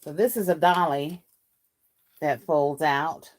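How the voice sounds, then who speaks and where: A woman's voice: deep voice, slow pace, a little hiss or hum. A woman hosting a casual crafting livestream. She reads viewer comments aloud and greets viewers by name in a chatty, folksy way, laughing often.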